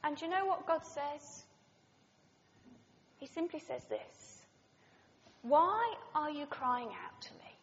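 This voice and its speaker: A woman preaching a sermon, telling a personal story in an animated way and acting out the voices she quotes. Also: high voice, slow, pauses often. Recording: muffled sound with long hall reverb.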